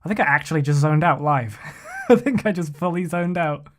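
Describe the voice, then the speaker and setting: A man's voice: on the high side, animated, fairly quick. A man casually commentating a game on a live stream, joking and chatting to himself and his viewers.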